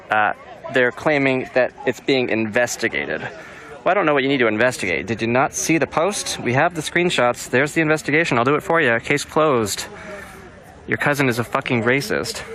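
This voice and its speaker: A man's voice: medium pitch, bright, forceful tone. A man live-streaming from a street protest outdoors, talking in blunt, sardonic commentary and swearing casually.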